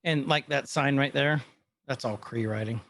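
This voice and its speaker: In a casual podcast chat about a TV episode, a male co-host rambles through scene retellings full of quick quoted lines. He's medium-pitched with a fairly bright tone, and there's no echo.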